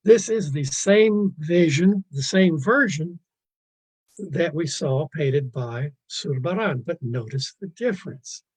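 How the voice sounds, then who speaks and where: A man gives a virtual museum lecture on paintings, his voice slightly high-pitched with a husky edge. He drifts into side stories, stumbles over restarts and pokes fun at his own disorganization. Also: lively intonation, takes it slowly, low-quality recording. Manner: digressive, self-deprecating, stumbling restarts. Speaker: art lecturer. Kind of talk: virtual museum art talk.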